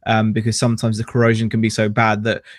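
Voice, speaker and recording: A man's voice: lowish voice, completely flat delivery, quick pace, no room sound, clean studio sound. Laid-back man, full of ums. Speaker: co-host of a reselling livestream. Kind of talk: casual livestream chat.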